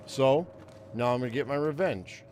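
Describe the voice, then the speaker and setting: A man streaming a video game, talking casually in a mid-pitched voice while he plays. He swears freely, repeats and restarts his words, and keeps saying how angry he is. A faint noise sits under the recording. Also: moderate pace. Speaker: gaming streamer. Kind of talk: casual let's play commentary.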